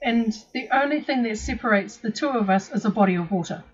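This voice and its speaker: A woman's voice: fairly high pitch, lively intonation, a little fast, muffled recording, a little hiss or hum. A woman co-hosting a casual chat, adding brief remarks and laughing easily. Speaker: vape show co-host.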